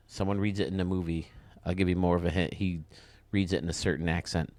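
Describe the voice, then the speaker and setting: A young man with a lowish voice talks through game footage with casual enthusiasm. He sounds close to the mic in a dry, dead room. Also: fairly even intonation, no echo. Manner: enthusiastic and casual, quick praise. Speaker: host. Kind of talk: video game commentary.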